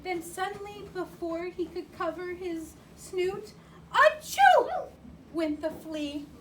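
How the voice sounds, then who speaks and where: High-voiced woman reading a picture book. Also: steady tone. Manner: slow, sing-song, asks the child questions. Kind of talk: read-aloud storytelling. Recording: distant mic with clear background noise.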